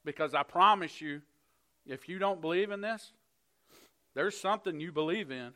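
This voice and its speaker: A middle-aged man preaching a sermon, telling a personal story earnestly, moving between hushed moments and fired-up passages. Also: on the high side, moderate pace.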